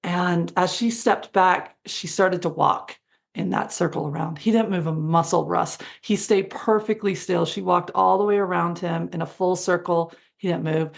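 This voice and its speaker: A woman's voice: fairly low pitch, gravelly. A woman guest in an interview, telling a story animatedly and acting out the dialogue. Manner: animated, acts out quoted dialogue with laughs.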